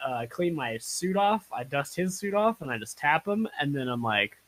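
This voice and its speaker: A man playing in a tabletop game, describing his moves in an animated, laughing, profane way. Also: on the high side, moderate pace, rough recording. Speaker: player. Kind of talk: casual tabletop play.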